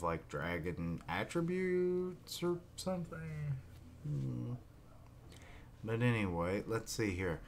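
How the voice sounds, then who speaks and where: A man hosts a live manga reading reaction, describing panels aloud. His voice sits deep and he takes his time, casual and unfiltered with the odd curse. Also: slight background noise. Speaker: reaction video host.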